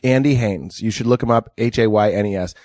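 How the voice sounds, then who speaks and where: A man chatting as a guest on a comedy podcast, eager and quick to laugh. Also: on the low side, no room sound, studio quality. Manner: eager, animated, laughing often. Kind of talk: casual comedy podcast chat.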